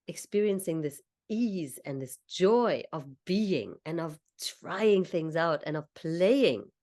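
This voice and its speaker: Soft-spoken woman guiding a visualization. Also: sits low. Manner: soft, slow and soothing, guiding step by step. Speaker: confidence coach. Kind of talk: guided visualization coaching.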